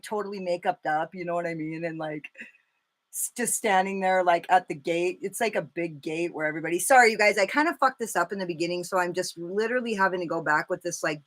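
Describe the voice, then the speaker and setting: A woman in her thirties chatting casually and cursing freely as she does her makeup live for viewers, telling stories with animated energy. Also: fairly low pitch. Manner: chatty, profane, animated storytelling. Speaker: makeup vlogger.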